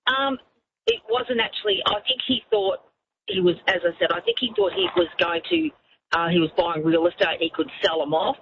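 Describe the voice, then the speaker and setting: A woman's voice: medium pitch, sing-song, normal speed, lo-fi sound, slight background noise. A woman calling in to talkback radio, telling a story hesitantly. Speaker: caller.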